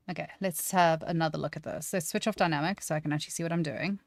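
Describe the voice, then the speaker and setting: Low-voiced woman thinking aloud. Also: fast talker, few pauses, no echo, studio quality. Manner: thinks aloud, self-deprecating, chatty. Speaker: 3D artist teaching on a live stream. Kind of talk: casual live-stream tutorial.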